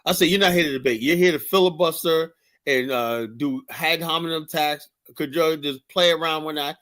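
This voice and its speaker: Animated man with a high-set voice. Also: fairly quick. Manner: animated, repetitive, swears often. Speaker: host. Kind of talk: heated casual debate talk.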